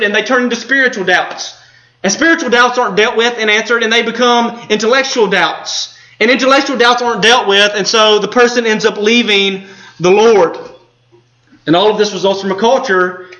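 Earnest, bright-voiced male preacher. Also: high voice, lo-fi sound. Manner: earnest storytelling, pauses for emphasis. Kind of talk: sermon.

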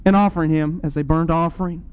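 Smooth high-voiced male preacher. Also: steady tone, fast, darkish tone, low-quality recording. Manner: earnest, rising to emphatic peaks. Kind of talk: sermon.

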